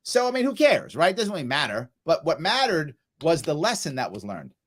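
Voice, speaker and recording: A middle-aged man hosting a casual chat, telling parenting stories and acting out quoted lines with loud, animated swings. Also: a little high, brisk. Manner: animated storyteller, acts out quoted lines loudly. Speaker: host.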